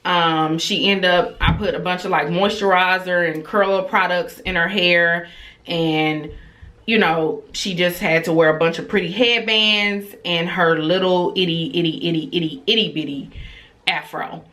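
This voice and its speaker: A woman in her thirties telling a storytime to her viewers in a casual, animated way, acting out her children's voices. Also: fairly low pitch, a little slow.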